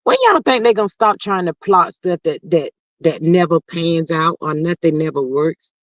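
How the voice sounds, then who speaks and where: A woman's voice: fairly low pitch, lively intonation, normal speed, no echo, muffled recording. A woman hosting a casual livestream, reading viewer comments aloud and greeting people by name in a drawling, chatty way. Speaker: livestream host.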